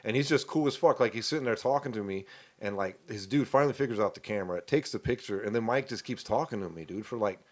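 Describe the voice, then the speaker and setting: A man in his thirties co-hosting a podcast, telling stories in casual chat with lots of swearing and animated energy. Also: on the low side, fast. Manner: profane, animated storyteller. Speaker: podcast co-host.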